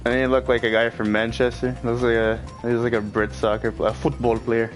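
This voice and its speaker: A man's voice: mid-range voice, level tone, a little fast. A man giving casual, rambling let's play commentary, filled with "like.". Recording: game music playing underneath.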